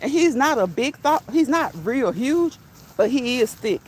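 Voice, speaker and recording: A woman's voice: high-pitched, expressive, unhurried, slight background noise. A woman hosting a casual live stream while walking outdoors, chatting with her viewers, laughing often and reading the chat aloud. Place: outdoors on a neighborhood walk.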